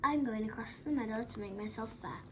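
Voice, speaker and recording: A woman's voice: on the high side, fairly quick, background noise, natural voice. A woman voicing a timid, pleading middle-sized billy goat in a storybook reading.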